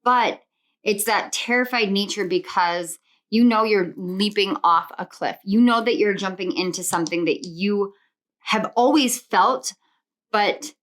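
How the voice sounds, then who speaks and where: The tarot reader's voice sits in the mid range, a bit bright, and she talks a little slowly during her spiritual pick-a-card reading. Earnest and soothing, she lists affirmations in a rhythmic stream and often veers into personal tangents.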